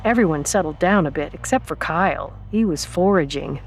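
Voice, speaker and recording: A woman narrating an audiobook in a calm, steady reading voice. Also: fairly low pitch, a little fast, a little hiss or hum.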